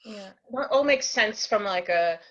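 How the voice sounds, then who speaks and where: A woman's voice: medium pitch, expressive, a little slow, fairly bright tone, muffled recording. A woman from New Jersey chatting as a panelist on a video call, with lots of fillers.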